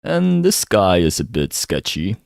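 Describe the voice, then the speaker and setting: A man's voice: low-pitched, huge pitch swings, measured pace, creaky, darkish tone, clean tone, no room sound, studio quality. A man giving a casual solo breakdown of a comic chapter. He rambles and hums filler syllables while he thinks. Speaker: manga commentator.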